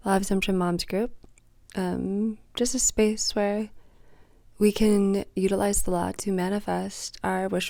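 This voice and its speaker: A woman coaching on manifestation in a casual, reflective vlog, speaking softly and sometimes dropping to a whisper. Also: medium pitch, vocal fry. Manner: soft-spoken, drops to a whisper at times.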